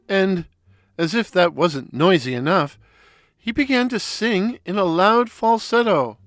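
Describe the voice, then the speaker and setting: A man narrating a first-person audio story in an unhurried, wry storytelling manner. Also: high voice, a bit bright, no echo, clean studio sound.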